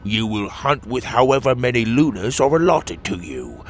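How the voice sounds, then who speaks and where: A man's voice: lowish voice, lively intonation, creaky, fairly bright tone, a little hiss or hum, heavily acted. A man voicing a sinister male toad warlord who speaks in a cold, commanding, snarling way, in a storybook reading. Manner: snarling, menacing, slow.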